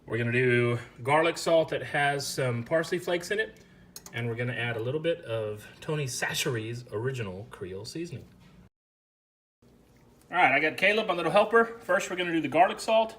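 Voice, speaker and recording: A man's voice: on the high side, normal speed, a bit bright, slight background noise. A man hosting a casual cooking video, chatting through each step for the viewer. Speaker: cooking show host. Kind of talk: casual how-to cooking narration.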